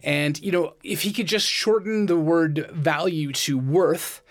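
A man with a somewhat high voice talks through song lyrics in a casual discussion. He counts syllables one by one and recites lines slowly and carefully. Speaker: podcast co-host critiquing song lyrics.

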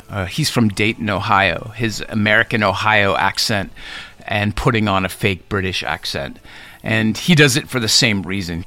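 A man's voice: fairly low pitch, bright, forceful tone. A man co-hosting a podcast, chatting casually about songs and laughing at himself now and then. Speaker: podcast co-host reviewing songs. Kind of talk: casual chat.

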